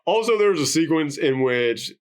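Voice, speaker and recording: A man's voice: a little high, animated, normal speed, clear, resonant tone. A man co-hosting a casual movie review podcast, acting out quotes from the film in dramatic voices. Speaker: podcast co-host.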